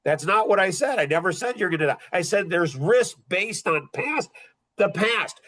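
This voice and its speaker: A man's voice: sits high, expressive, normal speed, bright, forceful tone. A middle-aged man hosting a podcast in casual talk, blunt and rambling, often repeating himself. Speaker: podcast host.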